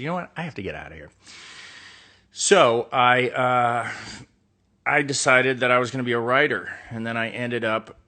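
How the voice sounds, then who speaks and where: A man's voice: fairly low pitch, bright, forceful tone. A middle-aged man telling candid stories about his past jobs in a rambling, casual monologue with many fillers. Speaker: actor doing a live stream.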